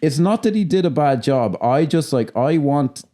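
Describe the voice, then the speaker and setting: A man co-hosts a film podcast in a warm, mellow voice. He rambles, cuts himself off and restarts, and slips into mock voices when he quotes people. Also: fairly high pitch, expressive, normal speed. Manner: rambling, self-interrupting, laughs at own jokes; puts on voices when quoting others. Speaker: podcast co-host. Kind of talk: casual film review chat.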